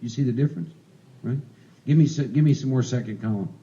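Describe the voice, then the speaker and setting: A man teaching a recovery workshop in a mellow, darker tone, folksy and always asking "see?" and "right?". The recording sounds dull and muffled. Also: mid-range voice, quick pace.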